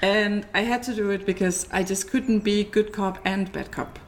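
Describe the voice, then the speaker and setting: In a relaxed interview, a married woman entrepreneur chats openly as the guest and laughs frequently. She has a medium-pitched voice with fairly even intonation and speaks at a normal speed.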